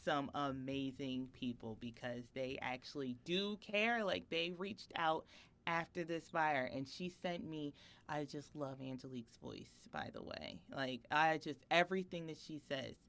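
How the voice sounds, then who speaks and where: A woman in her thirties co-hosting a podcast, telling a personal story in a chatty, animated way with frequent laughter. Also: low voice, unhurried. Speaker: podcast co-host. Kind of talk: casual podcast chat.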